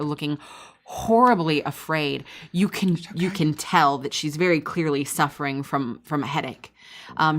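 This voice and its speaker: Low-voiced woman narrating a game. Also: fairly bright tone. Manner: measured descriptive narration with fillers. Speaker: game master.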